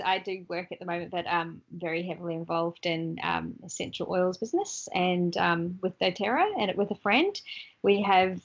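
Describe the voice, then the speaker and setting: A woman's voice: fairly low pitch, breathy edge, lo-fi sound. An Australian woman chatting as a guest in a casual online interview, laughing often as she talks.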